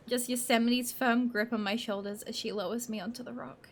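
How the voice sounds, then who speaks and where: A woman's voice: fairly high pitch, fairly even intonation, brisk, hardly any pauses. A woman narrating a story in the first person, in a tense, emotional way.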